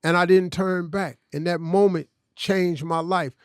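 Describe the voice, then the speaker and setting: A man's voice: sits high, fairly even intonation, measured pace, smooth, no room sound, clean studio sound. A man telling a personal story on a podcast, emphatic and conversational, often saying "man". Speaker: podcast guest, comedian. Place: studio.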